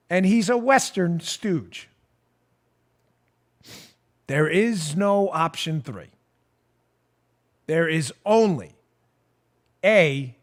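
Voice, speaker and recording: A man hosting a political talk show, sarcastic and laughing, swinging from loud jabs to hushed asides. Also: high voice. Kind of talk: animated political commentary.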